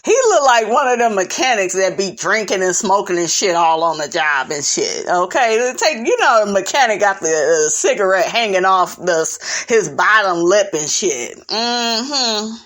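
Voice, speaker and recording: Sassy gossiping woman, lively pitch. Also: moderate pace, hardly any pauses. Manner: sassy, gossipy, calls listeners honey and child. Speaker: recap host. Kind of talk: casual reality TV recap.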